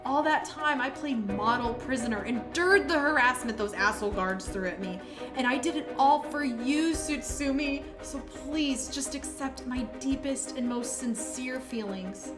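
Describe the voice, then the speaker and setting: A woman's voice: sits high, unhurried, over music. A woman voicing a vicious, vengeful male killer who taunts his victim with cruel, profane sneers while reading a game's lines aloud. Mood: menacing.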